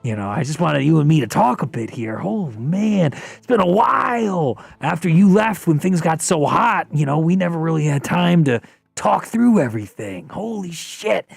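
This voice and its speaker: A man voicing an excitable, brash young man of about twenty who gushes loudly and swears. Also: a little high, moderate pace, vocal fry, slightly rough, no echo, voice pushed up, heavily acted. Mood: gushing. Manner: loud, gushing, swearing.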